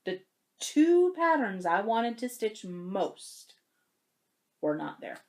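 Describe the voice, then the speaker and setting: Young woman crafter, chatty vlogger, animated storyteller with a pitch that swings high and low. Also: slow. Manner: animated storytelling, emotional and tearful at times. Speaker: cross-stitch vlogger. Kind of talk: casual chat to camera.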